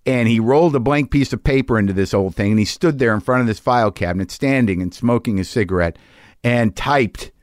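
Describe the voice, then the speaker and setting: A man talks in a loose, conversational way, with fillers and restarts, and then reads verse aloud slowly and with expression. His voice sits in a middle pitch. The recording is close and dry. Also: no room sound. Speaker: poetry reader. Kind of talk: casual reminiscence and poetry reading aloud.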